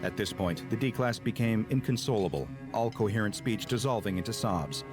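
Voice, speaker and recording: Rich: A man with a fairly low voice reads scripted narration in a measured storytelling manner. Loud background music plays throughout beneath his voice.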